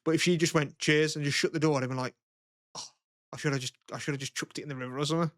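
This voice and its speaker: A man's voice: a little high, steady tone, racing, a bit bright, dry recording, clean studio sound. Rambling man telling stories. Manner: swears a lot, rambling with many "like" fillers. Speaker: podcast co-host. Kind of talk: casual storytelling chat.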